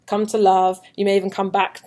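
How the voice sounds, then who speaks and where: Young british woman doing an orientation talk, chatty and upbeat, cracks jokes, mid pitch. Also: flat delivery, fairly quick, a little mellow. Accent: British English. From United Kingdom. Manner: chatty, upbeat, joking with the audience. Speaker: study abroad orientation presenter. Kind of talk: orientation presentation.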